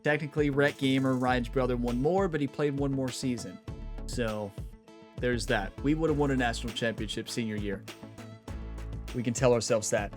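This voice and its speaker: A man hosting a gaming channel, wrapping up a series in casual, rambling chat, often laughing and swinging between excited and subdued. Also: mid-range voice, normal speed, soft background music. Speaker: gaming YouTuber host.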